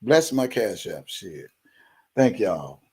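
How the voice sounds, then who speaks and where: A man's voice: fairly low pitch, very animated, slow, mellow, breathy edge. A man hosting a live stream, talking bluntly to his viewers and swearing heavily. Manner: addresses viewers directly. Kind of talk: profane live-stream rant.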